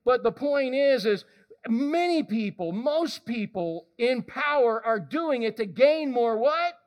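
High-voiced, animated male preacher. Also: takes it slowly. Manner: animated and conversational, questions the congregation directly. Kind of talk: sermon.

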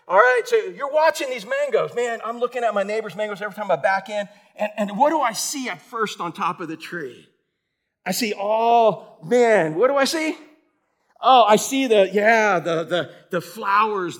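A middle-aged male pastor giving a lively, joking sermon and calling out to the congregation. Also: high-pitched. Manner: animated, jokey, calls on the congregation, frequent restarts.

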